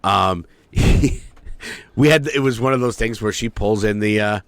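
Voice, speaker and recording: A man's voice: lowish voice, a little slow, dry recording. A man in his forties co-hosting a podcast, telling profane school stories in casual chat and mimicking old teachers. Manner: profane storytelling, mimics teachers in funny voices. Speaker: podcast co-host.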